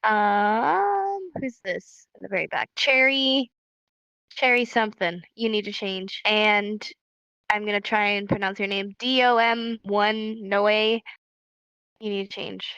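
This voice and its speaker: A woman's voice: medium pitch, a little slow, gravelly, pushed and bright, clean tone, no echo. A woman sounding stuffed up from allergies, hosting a live virtual class and patiently giving casual instructions. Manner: friendly, patient, calls out names one by one. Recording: muffled lo-fi mic, dry.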